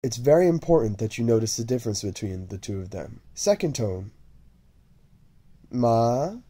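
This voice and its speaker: A man teaching a language lesson, speaking slowly and deliberately and repeating syllables over and over for the listener to copy. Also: lowish voice, lively intonation, dark tone, husky. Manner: drawn-out, repeated syllable drills. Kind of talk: slow, deliberate lesson narration.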